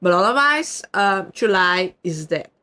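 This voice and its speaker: A woman's voice: mid-range voice, expressive, a little slow, pushed and bright. Chatty Swiss woman streamer. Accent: Swiss German. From Switzerland. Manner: chatty, laughs often, swears casually. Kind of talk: casual chat.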